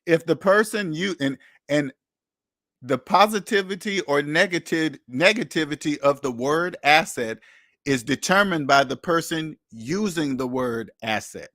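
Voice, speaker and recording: A man's voice: a little high, lively intonation, unhurried, a bit bright, no room sound, clean studio sound. A man hosting a live money chat, talking casually and animatedly, repeating himself and acting out the people he quotes. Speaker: channel host answering chat.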